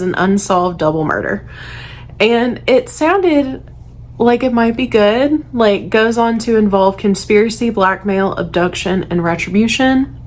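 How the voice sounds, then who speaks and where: A woman giving a frank, exasperated book review straight to camera, sighing now and then. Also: mid-range voice. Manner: frank, exasperated, sighs and laughs.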